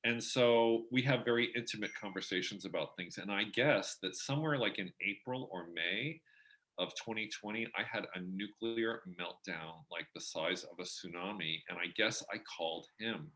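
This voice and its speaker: A middle-aged man telling his story as an interview guest, animated and acting out the voices of people he quotes. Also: lowish voice, moderate pace.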